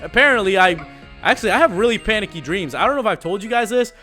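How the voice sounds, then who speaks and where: A man talks through a video game in a casual, slangy, joking way, full of laid-back asides. His voice sits high and sounds bright. Faint game music runs behind him. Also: lively intonation, fast talker. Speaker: let's play host. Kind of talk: casual gaming commentary.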